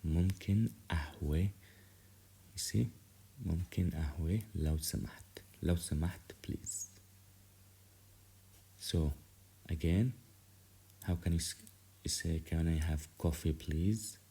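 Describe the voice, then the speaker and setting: A man teaching phrases in an online lesson, saying each phrase slowly and repeating it for learners to copy. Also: deep voice, creaky, mellow, husky. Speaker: Arabic teacher.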